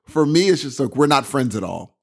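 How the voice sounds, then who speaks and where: Lively, expressive man chatting. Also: brisk, vocal fry. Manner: lively, quotes dialogue with rising pitch. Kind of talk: casual chat.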